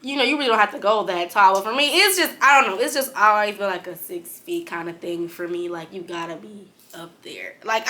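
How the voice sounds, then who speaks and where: Casual vlog host, young woman, bright voice, rambling friendly talk. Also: medium pitch. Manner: chatty, trails off with "like" and "you know". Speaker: YouTube host asking questions.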